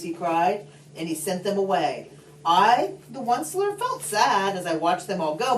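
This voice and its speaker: A woman reading a picture book aloud with animation, pausing to ask her listeners questions, recorded from a distance in a roomy space. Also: fairly low pitch, very animated, a little hiss or hum.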